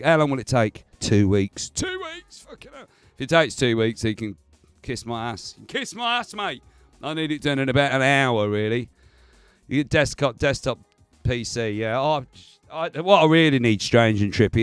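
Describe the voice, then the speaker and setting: A man's voice: mid-range voice, animated, normal speed, clear, resonant tone, no room sound, faint music behind. A man hosting a casual livestream, chatty and swearing, laughing often. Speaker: livestream host. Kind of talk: casual stream chat.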